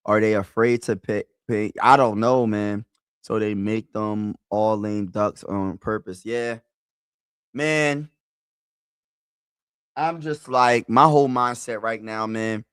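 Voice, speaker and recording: A man giving excitable, slangy live play-by-play and reaction on his stream, his voice rising when he calls big plays. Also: lowish voice, measured pace, no room sound, clean studio sound. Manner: excitable, slangy, talks to viewers as "bro"; rises loudly when calling big plays. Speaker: sports streamer.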